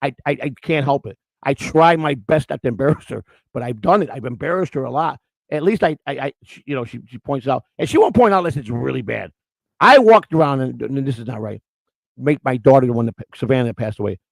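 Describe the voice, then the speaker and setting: A man's voice: medium pitch, expressive, quick pace, gravelly, no echo, rough recording. A middle-aged man hosting, telling rambling stories in a casual, outspoken way with many restarts. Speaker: host. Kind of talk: casual storytelling on camera.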